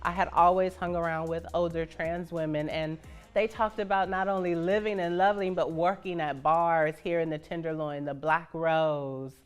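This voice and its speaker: Smooth-voiced woman telling her life story. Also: fairly low pitch, normal speed, faint music behind. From Northern California. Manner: animated, acts out the voices of people she quotes; frank, salty, laughs as she talks. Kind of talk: personal storytelling.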